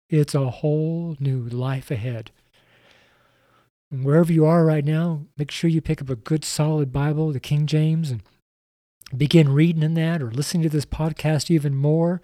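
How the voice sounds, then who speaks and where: A man's voice: a little high, warm tone, dry recording, clean studio sound. A man preaching on a podcast, earnest and repetitive, speaking straight to the listener. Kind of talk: evangelistic podcast sermon.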